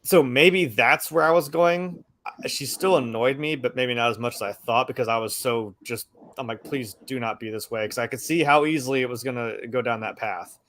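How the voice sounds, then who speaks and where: Animated, swearing man ranting about a film. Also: mid-range voice, normal speed, a little hiss or hum. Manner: animated, swearing, acts out quotes in mocking voices. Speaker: podcast co-host. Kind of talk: casual film discussion.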